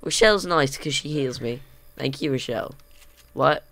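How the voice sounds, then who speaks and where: A man narrating a let's play, excitable and panicky, with self-mocking jokes, on a desk condenser mic at home. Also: mid-range voice, normal speed. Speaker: gaming video host.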